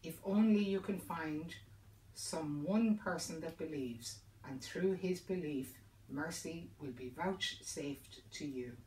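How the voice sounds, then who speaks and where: A woman storyteller voicing a stern male angel who passes judgment, speaking in a measured, solemn way. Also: sits low, a little mellow, slight background noise. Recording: roomy sound from a distant mic.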